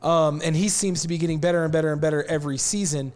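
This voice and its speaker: A man hosting a casual sports talk show in a studio, animated and quick to laugh. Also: on the high side.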